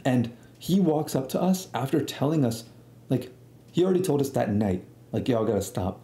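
A man's voice: mid-range voice, lively intonation, moderate pace, dark tone. A young man telling a rambling story in a casual, slangy way, swearing freely. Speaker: storytelling streamer. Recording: echoey room.

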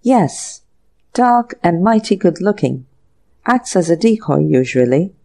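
A woman's voice: on the low side, big pitch swings, unhurried, vocal fry, mellow, exaggerated voice. A woman doing a blunt police inspector. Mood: curt. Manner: curt, matter-of-fact.

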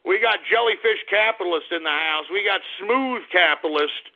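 A man hosting a radio show, scolding his listeners in a combative rant that keeps breaking into shouts. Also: high voice, moderate pace. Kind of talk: ranting call-out radio talk. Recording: tinny phone-like radio audio.

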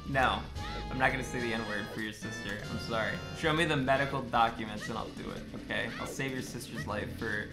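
A man's voice: mid-range voice, normal speed. Sarcastic young man streaming a game. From United States. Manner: swearing, sarcastic, chatting with viewers. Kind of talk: casual live-stream commentary. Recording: game music playing behind. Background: game music.

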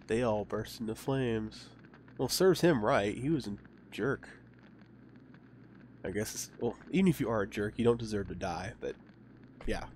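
A man's voice: medium pitch, lively intonation, moderate pace, a little mellow, a little hiss or hum. A man hosting a let's play, reading the game's dialogue aloud and chatting with apologetic asides. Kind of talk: casual gameplay commentary.

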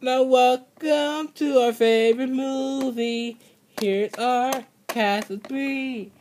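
A woman's voice: sits high, fairly even intonation, slow, background noise. A woman hosting a homemade toy video, announcing like a playful showman.

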